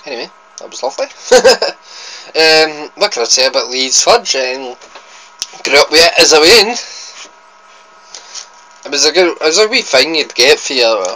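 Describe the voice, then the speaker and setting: A man's voice: on the high side, lively intonation, measured pace, long pauses, sharp tone, rough recording. Chatty young Scottish man. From Scotland. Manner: rambling, chatty, self-interrupting. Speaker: food vlogger. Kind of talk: casual tasting vlog.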